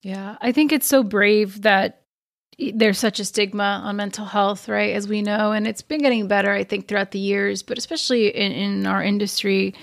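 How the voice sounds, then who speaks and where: Woman, interviewer, supportive, affirming, gravelly voice. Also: mid-range voice, fairly even intonation, moderate pace. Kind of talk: interview conversation.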